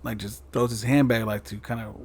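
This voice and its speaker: A man's voice: medium pitch, level tone, fairly quick, a little mellow, slightly rough. A man co-hosting a podcast, chatting casually and giving blunt, opinionated takes. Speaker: podcast co-host. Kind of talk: casual chat.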